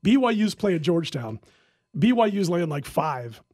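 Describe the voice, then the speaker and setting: A high-pitched man telling a lively story on a sports-betting podcast, laughing as he goes. The sound is dry and close, with no echo. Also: normal speed. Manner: animated storyteller who laughs often. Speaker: podcast host and sports handicapper.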